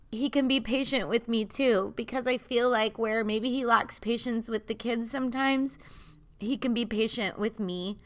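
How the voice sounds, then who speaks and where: Young mom vlogger, bright and crisp voice, earnest and confiding. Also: female voice, a little high. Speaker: mother and vlogger. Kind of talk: candid personal vlog talk.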